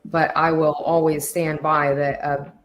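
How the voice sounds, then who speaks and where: A woman hosting a talk show, speaking earnestly and emotionally with many pauses and fillers. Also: deep voice, little pitch movement, dull audio, soft background music. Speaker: host. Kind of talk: heartfelt casual talk show chat.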